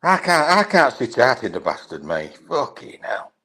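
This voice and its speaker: A man's voice: medium pitch, wildly swooping pitch, normal speed, pushed and bright, slightly rough. A middle-aged man with a Yorkshire accent, chatting casually as a caller, blunt, matey and swearing constantly. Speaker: caller in a live chat. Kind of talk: casual chat.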